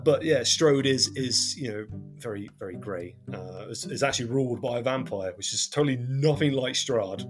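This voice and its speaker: A man's voice: mid-range voice, normal speed. Man, broad Devon accent, podcast co-host; rambling, self-mocking, laughs a lot; music behind. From Devon, England. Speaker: podcast host and game master. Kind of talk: casual chat.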